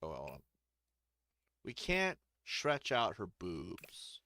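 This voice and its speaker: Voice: low voice, wildly swooping pitch, slow, sharp tone, dry recording. A streamer giving crude, joking gameplay commentary, often laughing between remarks.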